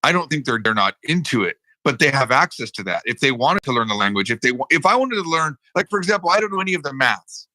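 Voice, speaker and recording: A man co-hosting a casual podcast conversation, animated and halting, with many restarts. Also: medium pitch, dry recording, rough recording. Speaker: co-host.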